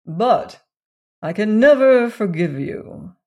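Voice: medium pitch, lively intonation, slow pace, husky, full character voice. A narrator voicing a cold, stony older mother who will not forgive her daughter.

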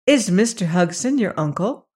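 A reader voicing a polite, inquisitive little girl in an audiobook, pitched a bit above the narration. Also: lively intonation, normal speed, a little mellow, breathy edge. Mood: curious. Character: polite, curious little girl traveling home. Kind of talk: audiobook character reading.

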